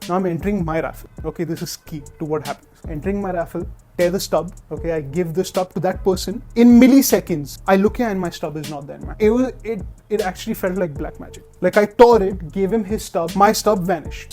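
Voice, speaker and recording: A young man with a fairly high but mellow voice tells a story in a loose, casual way. He acts out the lines of the people he met and drops "like" all through his talk. Soft music plays faintly behind him. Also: brisk. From India. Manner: animated, acts out quotes, many filler "like"s. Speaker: sneaker collector.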